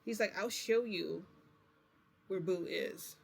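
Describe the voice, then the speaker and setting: A man's voice: high voice, slow pace, vocal fry. A man vlogging, telling a long rambling story in casual talk, acting out the back-and-forth with "I'm like" and "he goes". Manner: rambling, quotes dialogue with "I'm like".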